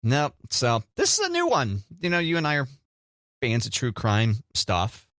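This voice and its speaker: A man's voice: medium pitch, wildly swooping pitch, moderate pace, fairly bright tone, no room sound, studio quality. Teasing man co-hosting a show. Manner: joking, teasing. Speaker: radio show co-host. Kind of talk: casual banter.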